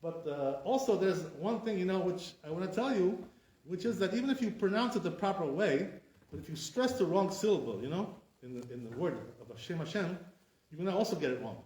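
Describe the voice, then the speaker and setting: A man's voice: high voice, animated, brisk, a little mellow. A man, a rabbi, teaching a casual class and saying "right?" often while he acts out wrong and right pronunciations. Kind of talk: informal class lecture. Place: classroom with a live audience. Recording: echoey room, voice picked up from a distance.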